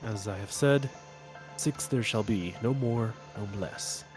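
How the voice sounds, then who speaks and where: A man's voice: lowish voice, music in the background. Man voicing a solemn former council elder. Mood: advising. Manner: measured, formal, solemn. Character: formal male former council member advising heroes. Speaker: game master. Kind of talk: game master voicing a character.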